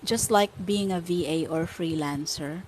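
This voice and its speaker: A woman with a Filipino accent, hosting a podcast in lively, casual chat that mixes Filipino and English. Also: fairly low pitch, unhurried, slight background noise. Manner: animated, code-switching between Filipino and English. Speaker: podcast host.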